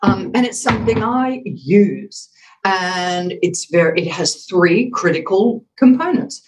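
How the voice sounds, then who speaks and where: A woman's voice: medium pitch, expressive, takes it slowly, poor audio. A woman, a communications expert, explaining with emphasis in a podcast interview and acting out voice examples as she talks. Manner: emphatic, demonstrative, acts out voice examples.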